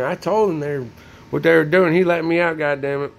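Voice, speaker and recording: A man's voice: a little high, fairly even intonation, brisk, creaky. A man ranting in a manic, profane, rambling monologue, filmed on a phone in a room. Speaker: vlogger. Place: indoors, room with a TV.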